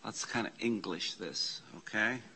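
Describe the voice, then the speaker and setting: A man leading an informal church class, slowly reading out Greek scripture and explaining the grammar with casual asides. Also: lowish voice, vocal fry, pushed and bright, husky. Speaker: Bible study teacher. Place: church meeting room.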